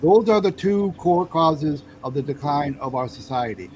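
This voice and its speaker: A man hosting a podcast interview, talking haltingly with many fillers. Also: on the high side, lively intonation, darkish tone, slight background noise, poor audio. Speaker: podcast host.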